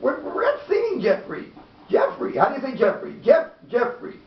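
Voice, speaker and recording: Man, high animated voice, interrupting, easily confused, roomy lo-fi recording. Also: moderate pace. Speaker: student in a class. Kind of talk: lively classroom debate. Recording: echoey room, dull lo-fi sound.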